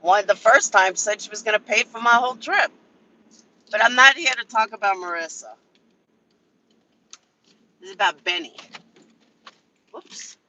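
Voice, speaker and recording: Bright, sharp-voiced man venting on a livestream. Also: high-pitched, unhurried, pauses often, poor audio. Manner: profane, venting, answers chat by name. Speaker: livestream commentator. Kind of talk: casual livestream rant.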